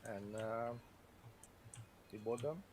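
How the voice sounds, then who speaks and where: A man's voice: fairly low pitch, slow pace. A man hosting a game stream, chatting casually and rambling with lots of restarts. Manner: rambling, many restarts and hedging fillers. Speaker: streamer host. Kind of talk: casual chat while gaming. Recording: steady background noise.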